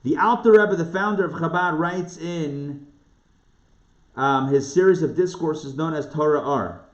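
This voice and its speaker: Rabbi guy chatting through a torah lesson, asks the crowd stuff, kinda high voice, echoey room. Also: unhurried. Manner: conversational, asks listeners questions. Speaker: rabbi teaching a live online class. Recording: echoey room, dull lo-fi sound.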